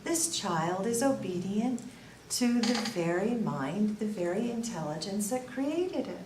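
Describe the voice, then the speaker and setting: An older woman speaking at a faith workshop, telling a story in a lively, storytelling way and laughing at her own punchlines, recorded from a distance in an echoey room. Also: mid-range voice, measured pace. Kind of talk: faith testimony to a small group. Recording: echoey room from a distance, faint background noise.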